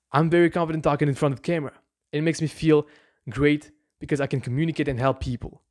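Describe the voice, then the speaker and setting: A man's voice: medium pitch, darkish tone. Earnest man coaching on mindset. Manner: earnest and informal, with frequent restarts and "right?" asides. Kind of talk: motivational self-help talk to camera.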